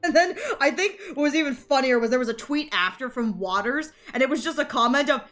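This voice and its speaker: A woman's voice: sits high, lively intonation, a little fast, fairly bright tone, faint music behind. Giggly, rambling woman streamer. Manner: rambling, giggly, swears casually. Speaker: art streamer. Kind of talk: casual live-stream chat while drawing.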